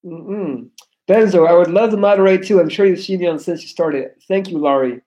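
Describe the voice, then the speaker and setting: A man in his thirties from Belgium with an American accent, chatting loudly and animatedly on a live stream, cussing freely. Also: high-pitched, a little fast, poor audio. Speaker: livestreamer. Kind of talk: casual live stream chat.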